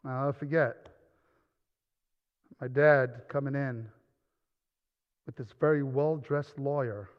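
A male pastor telling a quiet personal story, then preaching with rising force. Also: medium pitch, fairly even intonation, takes it slowly, long pauses, smooth. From New Rochelle, New York. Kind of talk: sermon. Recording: dull sound with long reverb in a large hall.

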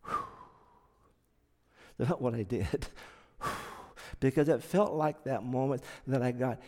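A man giving a personal testimony, telling it slowly and earnestly, dropping to a hush and then rising loud. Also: mid-range voice, expressive, in a large hall. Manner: slow, earnest storytelling that swings from hushed to loud.

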